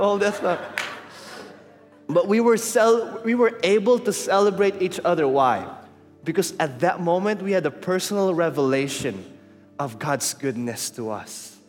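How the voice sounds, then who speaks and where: This preacher's voice sits high, with lively intonation and a measured pace; he has a Filipino accent. Telling a story from his own life during the sermon, he stays candid and conversational and uses Tagalog phrases. The recording has a reverberant hall sound, faint music and a crowd.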